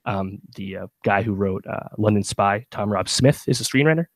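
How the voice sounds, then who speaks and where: Speaking at normal speed in a voice on the low side, a male podcast co-host rambles through casual chat full of fillers and restarts. No room sound can be heard.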